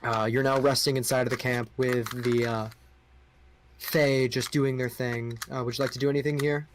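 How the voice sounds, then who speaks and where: A man's voice: medium pitch, level tone, moderate pace, a little hiss or hum. A man running a tabletop role-playing game as game master, describing scenes in a loose, improvised way with many fillers.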